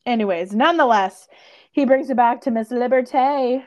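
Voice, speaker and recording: A young woman casually recapping a TV episode on a podcast, animated and acting out the characters' lines with lots of "like". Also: a little high, normal speed. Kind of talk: casual chat.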